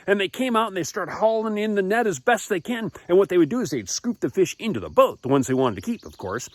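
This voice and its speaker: A man narrates a Bible story for children with animated, playful expression. His voice swoops widely from low to high as he builds the scenes. The sound is close and dry, with no room echo. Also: brisk.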